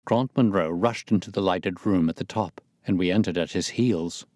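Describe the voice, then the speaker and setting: A male narrator reads a classic mystery in a steady, measured way. His voice sits low, and the recording is close and dry. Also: no room sound. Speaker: audiobook narrator. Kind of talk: scripted narration.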